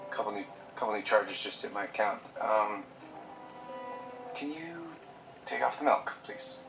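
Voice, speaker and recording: An actor playing a struggling father who reassures his daughter warmly and jokes with her, in a web drama over background music. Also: lowish voice, unhurried, vocal fry, rough recording. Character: caring, broke young father, gentle and jokey. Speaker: struggling single dad.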